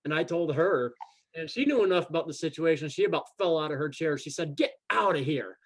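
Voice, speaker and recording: A man's voice: a little high, quick pace. A man telling a personal story in casual chat, acting out the quoted dialogue and often repeating words as he goes. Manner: animated, acts out quoted dialogue. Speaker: guest.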